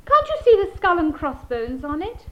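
An actress playing an alarmed young woman in a radio teaching sketch, who gives shrill, excitable warnings. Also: moderate pace. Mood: worried. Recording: muffled old radio-course recording.

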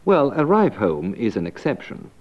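A man narrating and explaining a language lesson in a clear, measured teaching manner. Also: mid-range voice, wildly swooping pitch. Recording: dull lo-fi old tape.

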